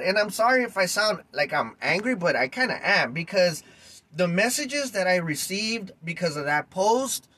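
A man with a high-pitched voice hosts a podcast and rants at his listeners. He talks bluntly and with heat, throwing in plenty of street slang. His delivery stays direct and confrontational. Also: pushed and bright, dry recording, poor audio. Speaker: podcast host. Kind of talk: ranting podcast monologue.

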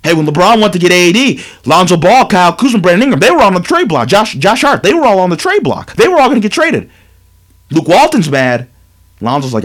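A male sports talk host with a high voice that swings widely in pitch. He lectures emphatically, hammering his points with repetition. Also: wildly swooping pitch, fast talker, a bit bright. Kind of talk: animated sports commentary monologue.

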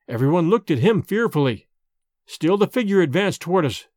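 A man narrating a classic ghost story in an expressive, old-fashioned storybook reading. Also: sits high, fairly quick, no room sound. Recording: dry close recording with faint music.

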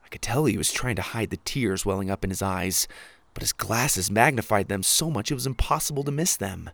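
A man narrating a storybook in the first person with an expressive delivery. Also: lowish voice, brisk, vocal fry, dry recording. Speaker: audiobook narrator.

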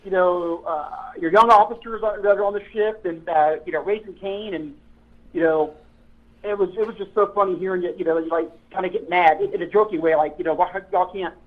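A man's voice: sits high, steady tone, a little fast. A man, a former police officer, telling old patrol stories in casual chat, rambling and correcting himself as he goes. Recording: tinny phone-like line.

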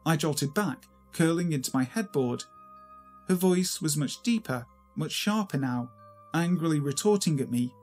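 A man's voice: fairly high pitch, darkish tone. Man narrating a horror story.

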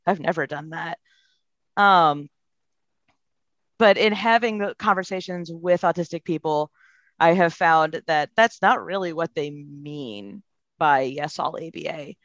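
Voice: medium pitch, a bit bright, smooth, dry recording. A podcast guest answers in an earnest, reflective way, working through ideas as they speak. The sound is dull and lo-fi. The recording is dry, with no room around the voice. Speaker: guest, behavior analysis professional.

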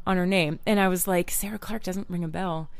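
A woman's voice: lowish voice, steady tone, brisk, gravelly, smooth, dry recording, studio quality. A woman from Maine, co-hosting a podcast and telling a story in casual chat, acting out the dialogue. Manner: chatty, acts out quoted dialogue. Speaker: podcast co-host.

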